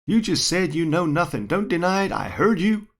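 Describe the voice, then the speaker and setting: Guy putting on a pushy flat earther, accusing, fake accent, gravelly, pitched up and loud. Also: normal speed, exaggerated voice. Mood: triumphant. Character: aggressive male flat-earth heckler, accusing and smug.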